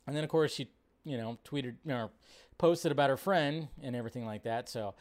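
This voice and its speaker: A man hosting a live stream in casual commentary, animated, swearing freely and mocking others in exaggerated voices. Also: medium pitch, moderate pace. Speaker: show host.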